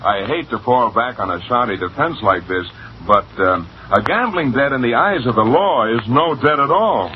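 A man voices a wry young American who stays polite and lightly amused. He talks in a mid-range voice with lively inflection, in 1940s radio acting on a dull-sounding recording with faint hiss. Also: mid-range voice, moderate pace, natural voice. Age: young adult. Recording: muffled old radio broadcast, faint hiss.

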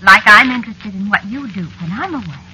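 A coy, jealous witch wife; teasing menace, bright and lively delivery, vintage radio drama with faint hiss. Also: mid-range voice, fairly quick, rough recording. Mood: menacing. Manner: teasing, coy, softly threatening. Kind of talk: old-time radio drama acting.

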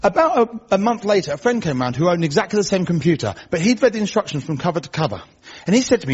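A man performing a stand-up comedy set, telling dry one-liners in a deadpan way and acting out other people's lines. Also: high voice, rapid-fire, breathy edge. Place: comedy club stage before a laughing audience. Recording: dull live recording with audience noise. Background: audience laughter.

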